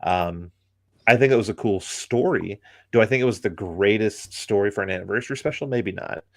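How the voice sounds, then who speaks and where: A man's voice: lowish voice, fairly quick, no room sound, clean studio sound. A man in casual chat, giving an opinionated critique full of ums and likes. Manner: rambling, many ums and likes.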